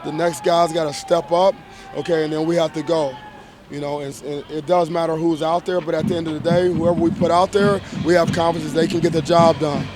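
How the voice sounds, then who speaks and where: A man answering reporters as a college football head coach after a game, measured and emphatic, often restarting and repeating phrases. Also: a little high, steady tone, music in the background. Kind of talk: post-game press conference.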